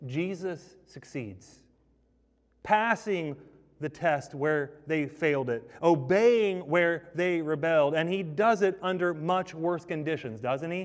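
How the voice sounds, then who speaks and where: Man, pastor, fairly high voice, emphatic sermon, rhetorical questions, long hall reverb.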